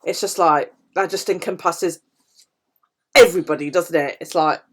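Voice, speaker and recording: A British woman talks casually to her viewers in a slightly low voice. She swears freely and laughs often. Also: lively intonation, a little slow, a bit bright. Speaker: planner vlogger. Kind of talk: casual chat to live viewers.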